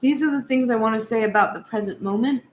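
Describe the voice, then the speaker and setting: A woman's voice: fairly high pitch, fast talker. Tarot-reading woman in a roomy space. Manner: heated, speaks in first person as the partner. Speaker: tarot reader. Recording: roomy echo, faint background hum.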